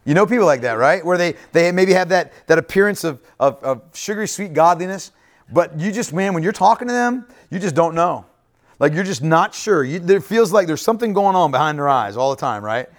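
A man's voice: a little high, lively intonation, a little fast. A man preaching a sermon to a congregation, talking directly to them with frequent "right?" asides and repeated phrases. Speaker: pastor.

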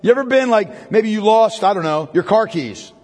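Male pastor, high husky voice, chatty sermon full of "right?" asides, long church reverb. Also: lively intonation, moderate pace, a little mellow. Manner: conversational preaching with frequent tag questions.

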